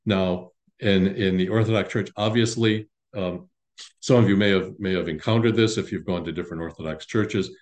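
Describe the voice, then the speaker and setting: A man, a priest of an Orthodox parish, teaching his congregation in an informal, halting way with frequent restarts. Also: low voice, fairly even intonation, a little mellow. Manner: halting, many restarts and fillers, conversational.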